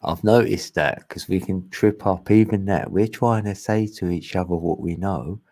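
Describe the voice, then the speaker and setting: A man's voice: low voice, normal speed, darkish tone. A man, chatting casually as a channel host, laid-back and laughing often. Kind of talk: casual chat.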